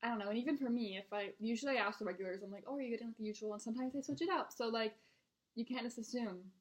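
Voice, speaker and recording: A young adult woman working as a restaurant server tells casual venting stories about her customers, quick-paced and fairly high in pitch. She's blunt and exasperated, swearing plenty along the way.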